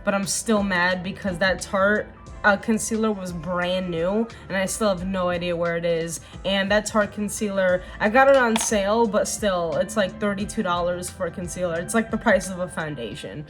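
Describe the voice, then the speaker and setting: A woman's voice: on the low side, normal speed, soft background music. A young woman vlogger talking earnestly and casually while doing her makeup, rambling with fillers. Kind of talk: casual get-ready-with-me chat.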